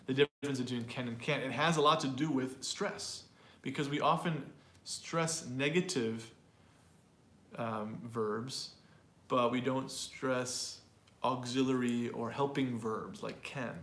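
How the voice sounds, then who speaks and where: Speaking slowly at a medium pitch, this man has a steady, slightly bright tone in a roomy-sounding space. He's a language teacher and host giving an online pronunciation lesson, saying example phrases aloud to demonstrate them. His manner is chatty and relaxed, full of fillers and little laughs.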